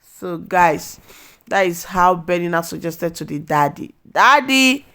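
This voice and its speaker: A woman with a Nigerian accent casually retelling a movie plot as a vlogger, excitable and full of exclamations, slipping into pidgin. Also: fairly low pitch, a little slow. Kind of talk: casual storytelling recap.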